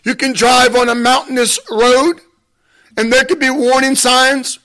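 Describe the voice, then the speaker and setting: A man delivers a sermon in a strikingly high voice, taking his time with long, deliberate pauses. He speaks with emphasis and builds into impassioned appeals, with a bright, forceful edge to his voice. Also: level tone. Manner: measured, emphatic preaching with deliberate pauses, rising to impassioned exhortation. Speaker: preacher.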